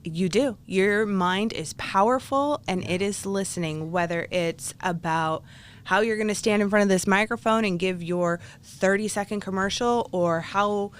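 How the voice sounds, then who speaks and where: A woman's voice: mid-range voice, moderate pace, clear, resonant tone. A woman hosting an interview, speaking earnestly and reflectively, a little emotional at times. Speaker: podcast host. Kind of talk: conversational interview.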